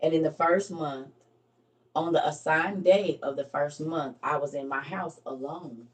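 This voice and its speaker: A woman's voice: low-pitched, measured pace, far from the mic. A woman hosting a live stream, casually reading scripture aloud and talking it over with her viewers, laughing at her own slips.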